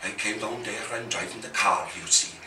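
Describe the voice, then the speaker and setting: A man's voice: lowish voice, brisk, roomy sound, far from the mic, very noisy, natural voice. An Irish man putting on a playful Welsh accent as a jokey imitation. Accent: Welsh, put on.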